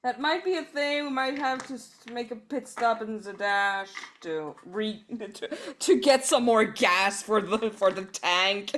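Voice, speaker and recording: Jokey woman with a higher voice, playing a tabletop game. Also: fairly bright tone, a little hiss or hum. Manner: jokey, quick to laugh. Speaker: player. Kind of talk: casual tabletop game play.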